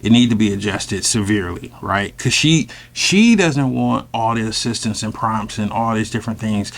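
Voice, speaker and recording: A man telling a personal story in a casual, animated, slangy way, with sudden loud outbursts. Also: lowish voice, moderate pace, gravelly. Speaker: storyteller host.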